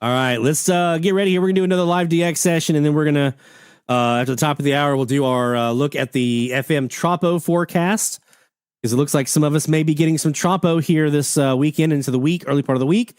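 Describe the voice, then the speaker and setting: A man's voice: a little high, fast, clear, resonant tone, no echo, clean studio sound. A man hosting a live radio hobby stream, chatting enthusiastically and reading out listener messages in a folksy way. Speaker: radio hobby show host. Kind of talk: live-stream casual chat.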